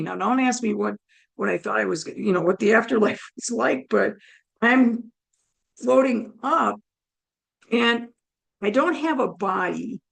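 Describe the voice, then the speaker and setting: A woman speaks with a hoarse, gravelly voice, the strain of a damaged throat plain in every phrase. Her pitch sits in the middle range. She tells her story in an animated way, slipping into quoted asides as she acts out what she thought at the time. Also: rough recording. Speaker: guest telling her near-death story. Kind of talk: personal storytelling.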